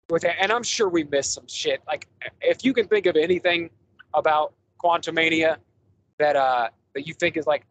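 A man's voice: fairly high pitch, fairly bright tone, low-quality recording. A man hosting a casual podcast movie review, rambling enthusiastically with lots of fillers and restarts. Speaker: podcast host.

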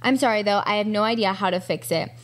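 A breezy young woman friend brushing off worries with easy reassurance, as a woman reads her texts aloud. Her tone stays upbeat and a touch dismissive, pitched at an ordinary middle height for a woman. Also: fast talker, lightly acted. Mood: reassuring.

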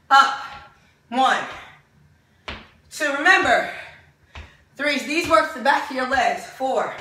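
A high-voiced woman runs a home workout class, counting reps and urging everyone on while she exercises and gets winded. She speaks slowly and brightly. The sound is very echoey, and she is some way from the mic. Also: far from the mic. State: out of breath during exercises. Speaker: fitness instructor. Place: home room with dogs.

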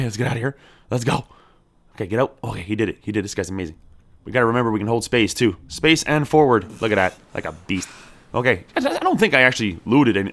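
Chatty man with a lively, bouncing pitch. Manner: chatty, talks to his character, cheers on in-game action. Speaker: gameplay streamer. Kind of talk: casual let's-play commentary.

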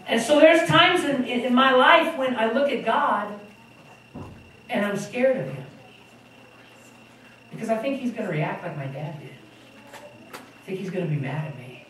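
Male pastor, lively joking sermon delivery, recorded from far off in an echoey hall. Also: very high-pitched, slight background noise. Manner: animated, joking storytelling. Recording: echoey room from far off with audience. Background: congregation.

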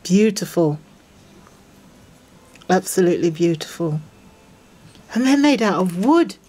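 A woman showing off craft mail from friends, gushing and excitable, with gasps and breathy whispered exclamations. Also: fairly low pitch, a little slow. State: unwell. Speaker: craft vlogger opening mail from viewers. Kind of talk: casual unboxing vlog.

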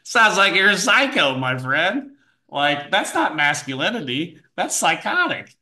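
Sarcastic bright-voiced male commentator. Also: sits high, big pitch swings, a little slow. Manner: sarcastic, incredulous. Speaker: commentary host. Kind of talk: reaction commentary.

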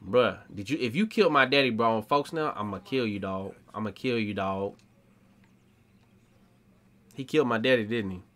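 A man's voice: fairly low pitch, normal speed, pauses often. A young adult man giving casual gaming commentary, slangy and talking back to the game's characters. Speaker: gaming streamer.

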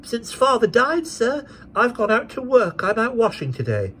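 A man's voice: wildly swooping pitch, normal speed, pushed and bright, slight background noise, full character voice. A man doing a polite thirteen-year-old girl. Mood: earnest. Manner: high, polite, earnest. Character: girl of thirteen, shrewd and dutiful.

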